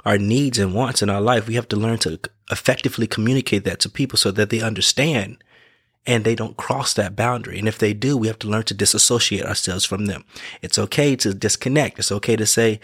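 A man's voice: fairly low pitch, slightly rough, no room sound, clean studio sound. A man giving casual motivational advice in an earnest way, repeating his points, correcting himself and checking in with the listener. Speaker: vlogger giving life advice.

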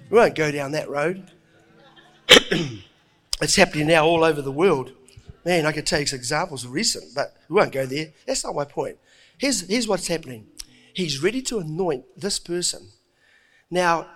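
A middle-aged man preaching a sermon, telling the story with lively acted-out voices and frequent chuckles. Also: a little high, unhurried, long pauses. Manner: animated storytelling, acting out voices, chuckling often.

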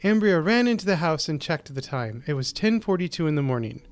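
Measured male short-story narrator. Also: a little high, big pitch swings, dry recording. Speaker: host and narrator.

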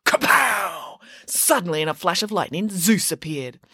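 Woman reading a bedtime story, very lively voice, dry close sound. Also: fairly low pitch, brisk, breathy edge, no room sound.

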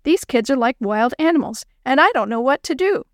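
A woman's voice: high voice, expressive, fairly quick, dry recording, clean studio sound. Woman doing a flustered young babysitter. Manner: earnest, exasperated. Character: flustered girl babysitting lively kids.

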